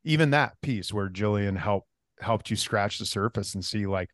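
A man's voice: on the low side, normal speed, fairly bright tone, dry recording, studio quality. A man hosting a podcast, chatting casually and encouragingly with his guest. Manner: encouraging, conversational, swears casually. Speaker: podcast host.

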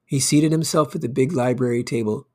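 Guy narrating an old short story, calm steady audiobook read. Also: mid-range voice, a little fast. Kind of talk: scripted narration.

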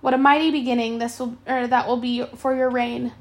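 A woman voicing a calm, probing grown male servant, speaking softly and measuring her questions. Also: a little high, fairly quick, close to an everyday voice. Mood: questioning.

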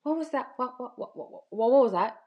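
A woman's voice: high voice, animated, fairly quick, lo-fi sound, voice pushed up. A woman voicing a young girl who speaks in a raised, girlish voice. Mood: startled. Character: young girl Mika, calm then startled.

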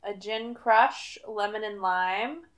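Young woman co-host, bright middle-pitched voice, relaxed chatty delivery. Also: takes it slowly, slight background noise. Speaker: podcast co-host. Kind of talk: casual chat.

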